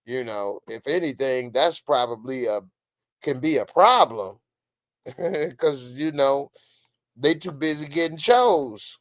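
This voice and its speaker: A man's voice: mid-range voice, animated, slow pace, dry recording. A man hosting a live show review, talking in a loose, slangy, joking way. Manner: laid-back, joking, loose slangy delivery. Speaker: show host.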